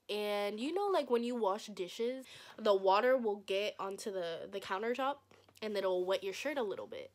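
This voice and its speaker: Young woman telling a blunt, profane storytime. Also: medium pitch. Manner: profane, blunt, acts out quoted voices. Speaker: vlogger. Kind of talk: casual storytime.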